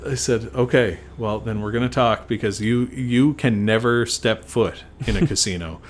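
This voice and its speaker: A middle-aged man in casual podcast chat, a doctor who tells exasperated stories. He swears freely and acts out the lines people said to him, in a voice of ordinary pitch. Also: normal speed, hardly any pauses, slight background noise. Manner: swearing storyteller, acts out quotes. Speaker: podcast co-host.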